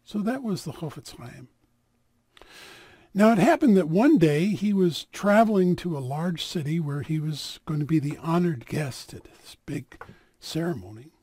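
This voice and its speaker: A man telling a story aloud in an animated, dramatic way. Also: high-pitched, breathy edge, no room sound. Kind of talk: oral storytelling.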